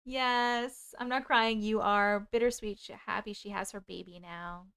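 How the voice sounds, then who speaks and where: Smooth-voiced woman hosting a live stream. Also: medium pitch, steady tone, unhurried, fairly bright tone, no room sound, studio quality. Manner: emotional, reacts openly to chat comments. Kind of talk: reading viewer stories aloud and chatting with live viewers.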